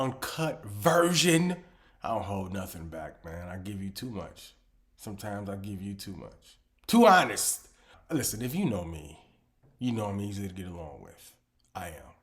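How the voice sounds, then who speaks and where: A man hosting his own comedy show, ranting animatedly about pet peeves, dropping to low mutters and then bursting out loud. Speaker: comedian host. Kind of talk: comedic monologue.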